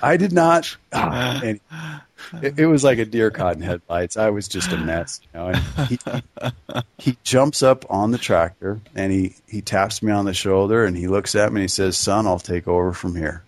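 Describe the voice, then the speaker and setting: A man casually telling a funny story on a podcast, animated and laughing between lines. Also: fairly low pitch, no room sound. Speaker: podcast co-host.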